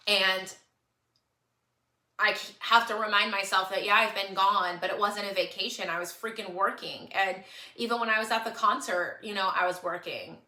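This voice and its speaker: A woman's voice: mid-range voice, steady tone, moderate pace, pushed and bright, echoey room. Earnest tearful woman on a livestream. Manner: earnest, pleading, repeats herself for emphasis. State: tearful, on the verge of crying. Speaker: online shop owner on a livestream. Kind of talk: emotional livestream monologue to followers.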